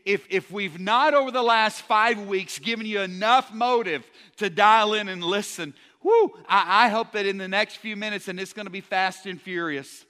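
A man delivers an energetic sermon in a high, bright voice, joking with his congregation and often restarting his words. His voice carries a long reverb, like a large church hall. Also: moderate pace, few pauses, smooth. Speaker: pastor.

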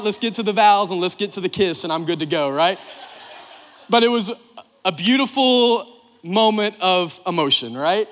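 Higher-voiced man preaching in a reverberant church. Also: animated, moderate pace, a bit bright. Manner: chatty storytelling with frequent "right?" and "like". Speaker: pastor. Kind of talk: sermon. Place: church sanctuary. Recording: long hall reverb.

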